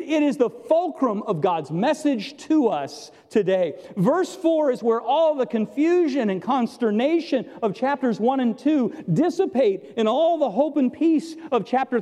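A man preaching a sermon as pastor, emphatic, with drawn-out pauses on key words. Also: high-pitched, mellow. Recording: echoey hall with long reverb.

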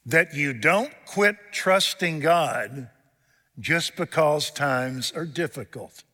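A man's voice: fairly high pitch, pushed and bright. A man preaching a sermon, telling homespun stories with jokes in a folksy way. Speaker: pastor. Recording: long hall reverb.

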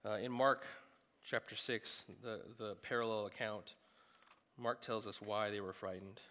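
A man preaching a sermon in a conversational, animated way, with quick asides. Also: on the low side. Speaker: pastor. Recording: long hall reverb.

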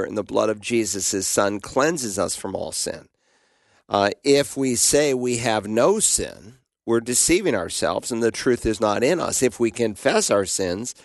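A man's voice: lowish voice, no echo, studio quality. A man teaching the Bible on a radio call-in show, answering questions in an emphatic, preaching manner.

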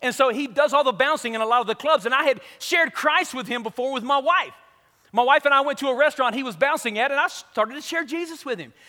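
A man with a very high, bright voice preaches to a crowd, spinning a funny story and slipping into the voices of its characters. His words ring out with the long reverb of a large hall. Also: quick pace. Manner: animated, comic, acts out the people in his story. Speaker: pastor. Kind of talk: storytelling sermon.

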